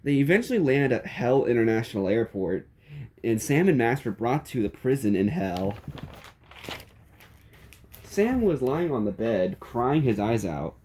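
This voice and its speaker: A man's voice: medium pitch, very animated, unhurried, warm tone. A man narrating a silly comedic story in a playful, chuckling way.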